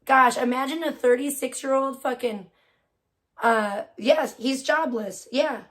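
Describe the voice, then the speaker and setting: A woman's voice: high-pitched, unhurried, a bit bright. A woman livestreaming, ranting casually with lots of swearing and laughter, mocking someone.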